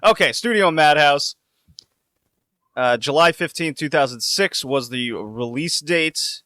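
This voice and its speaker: A man's voice: fairly high pitch, animated, measured pace, sharp tone, no echo, clean studio sound. A man hosting a casual podcast chat, laid-back, laughing often and swearing now and then. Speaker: podcast host.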